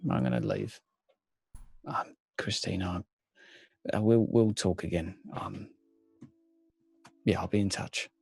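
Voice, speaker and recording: A man playing his character in a tabletop game, gruff and hesitant. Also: low-pitched, steady tone, slow, pauses often, a little mellow, no echo. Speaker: player. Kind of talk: in-character tabletop role-play.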